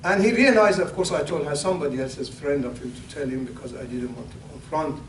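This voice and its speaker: Older man preaching in an echoey hall. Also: fairly high pitch. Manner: halting, repeats words and restarts, rises for emphasis. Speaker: imam. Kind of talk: pre-sermon talk. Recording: echoey hall, distant mic, faint hum.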